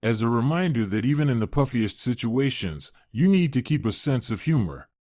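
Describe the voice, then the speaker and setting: A man voicing a calm young wife who teases her husband with dry wit, in a slightly raised pitch. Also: moderate pace, dry recording, natural voice. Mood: calm, teasing. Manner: calm and teasing.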